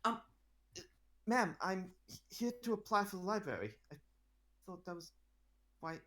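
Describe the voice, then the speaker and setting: A man's voice: high voice, lively intonation, measured pace, pushed and bright, voice pushed up, heavily acted. Man doing a stuttering, starstruck teen boy. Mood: nervous. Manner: stuttering and nervous, eager. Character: awestruck, excitable teenage boy applicant.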